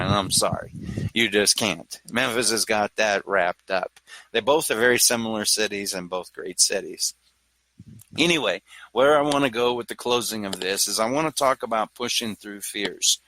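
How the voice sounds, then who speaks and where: Man, 40s; low, punchy, rambling speaker, dry close recording. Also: normal speed, bright, forceful tone, no room sound, low-quality recording. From Louisiana. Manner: rambling, stammering restarts, jokey. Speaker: speaker on mental health. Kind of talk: casual talk to an audience.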